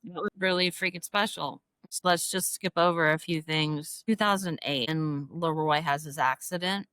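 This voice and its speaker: A woman's voice: moderate pace, clear, resonant tone, dry recording. Emotional middle-aged woman telling a story. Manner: animated storyteller, acts out quoted dialogue in a higher voice; emotional, self-described crier. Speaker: podcast guest. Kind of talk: casual storytelling interview.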